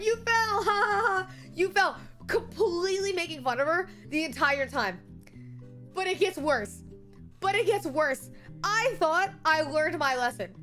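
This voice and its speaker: Young female streamer, high-pitched, lively incredulous chatter with viewers, soft music underneath. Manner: animated storytelling, incredulous rants. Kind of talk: casual chat with viewers.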